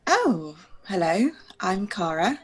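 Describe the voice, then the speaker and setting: A woman's voice: mid-range voice, big pitch swings, slow pace, breathy edge, heavily acted. A woman with a London accent playing a young actress who sounds dry and exasperated.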